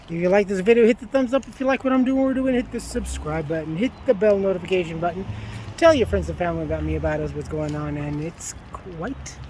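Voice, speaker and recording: A man vlogging outdoors on a phone, telling a profane, animated story about his building's security and signing off to viewers. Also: high-pitched, fast talker, slight background noise. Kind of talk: casual walking vlog, ranting. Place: outdoors at a park.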